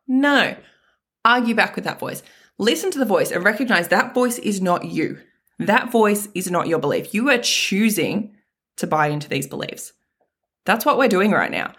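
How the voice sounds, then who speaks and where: A woman's voice: mid-range voice, very animated, moderate pace, a bit bright, husky. A woman hosting a motivational self-help talk, speaking frankly and casually with some mild swearing and lots of emphatic repetition. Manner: emphatic, repeats key phrases. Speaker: self-help podcast host.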